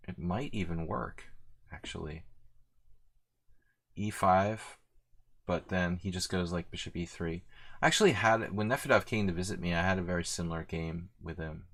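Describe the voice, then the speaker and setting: A man's voice: sits low, normal speed, long pauses, a bit bright. A man streaming his own blitz chess games, thinking aloud in loose, rambling commentary full of "like". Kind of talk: live commentary while playing blitz chess.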